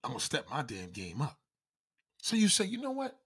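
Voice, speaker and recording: A man ranting in a loud, profane, comedic style, constantly swearing and acting out quoted voices. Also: mid-range voice, huge pitch swings, moderate pace, husky.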